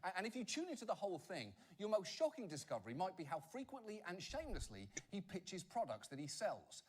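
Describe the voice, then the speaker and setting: A British man hosting a satirical news comedy show, delivering a sarcastic monologue full of quick jokes. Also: sits high, wildly swooping pitch, a little mellow, slight background noise.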